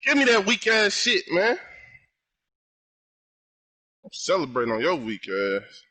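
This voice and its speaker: A young man giving live commentary on his own gameplay, loud and full of profane trash talk. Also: sits high, huge pitch swings, a little slow. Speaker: gamer.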